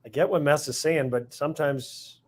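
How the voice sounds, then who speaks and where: A man's voice: a little high, moderate pace. A man in casual podcast chat, hesitant and full of fillers.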